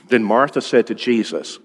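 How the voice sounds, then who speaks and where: A man's voice: medium pitch, breathy edge. Man preaching in a reverberant hall. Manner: conversational, asks the congregation questions. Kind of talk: evening sermon. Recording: long reverb in a large hall.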